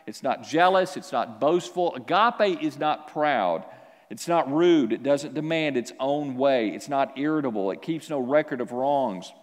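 A man preaching a sermon as pastor, with animated delivery that swings from quiet to loud. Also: mid-range voice, a little slow, in a large hall.

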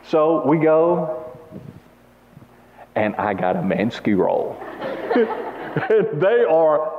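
A man preaching a sermon, telling stories with lively emphasis and asking the congregation to repeat after him. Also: fairly high pitch, very slow, noisy background. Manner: animated storytelling, laughs, calls for audience response. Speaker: pastor. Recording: muffled sound with long hall reverb.

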